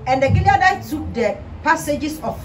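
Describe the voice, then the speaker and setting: High-pitched woman reading scripture. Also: animated, normal speed, recorded from a distance. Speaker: scripture reader. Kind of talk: reading scripture aloud in a service. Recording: echoey hall with music behind.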